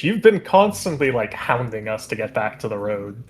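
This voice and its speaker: A man's voice: medium pitch, sing-song, normal speed, a little hiss or hum. A man speaking hesitantly and casually as a player in a tabletop role-playing game.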